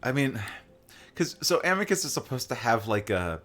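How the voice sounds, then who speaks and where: A man's voice: mid-range voice, sing-song, moderate pace, fairly bright tone. A man co-hosting a visual novel let's play, chatting casually, joking and laughing often. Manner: jokey, laughs often, rambling. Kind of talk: casual chat over gameplay.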